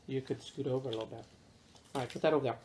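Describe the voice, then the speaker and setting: A man casually reviewing snacks with his kids in a relaxed, chatty way, with plenty of fillers. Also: mid-range voice, very fast, background noise.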